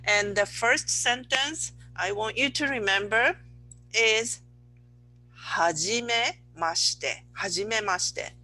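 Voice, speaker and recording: Patient Japanese-accented woman teaching slowly. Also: a little high, pushed and bright, low-quality recording. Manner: patient, repeats words slowly, asks "okay?" often. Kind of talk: online language lesson.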